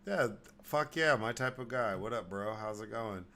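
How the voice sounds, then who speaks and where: A man's voice: lowish voice, normal speed, gravelly, fairly bright tone, a little hiss or hum. A man from Texas hosting a podcast, ranting in casual, profane chat and mocking people in put-on voices. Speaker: podcast host.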